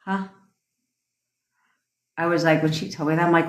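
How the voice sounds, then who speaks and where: A woman with a low voice rants on her livestream, blunt and full of swearing, tossing off quick laughing asides. The sound has an echoey room around it, like a phone recording in a bare space. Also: little pitch movement. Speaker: manifestation coach. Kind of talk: casual livestream rant.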